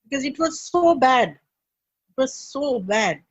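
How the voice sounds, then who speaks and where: A woman in her thirties, a podcast guest, tells a painful personal story in an earnest, emotional, halting way, full of fillers. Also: high voice, expressive, husky. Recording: echoey room, dull lo-fi sound.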